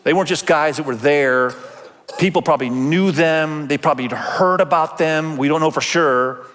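A male pastor delivers a conversational sermon in a church, his voice sitting a bit high for a man. The long reverb of the sanctuary trails after each phrase. He slips into dramatic voices for the people he quotes. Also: normal speed, fairly bright tone.

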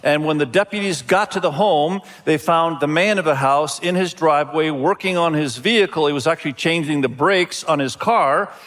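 Guy pastor preaching, chatty storytelling, voice a bit high, big echoey church. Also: moderate pace, hardly any pauses, fairly bright tone. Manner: friendly, conversational storytelling. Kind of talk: sermon. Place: church auditorium. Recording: long reverb of a large hall.

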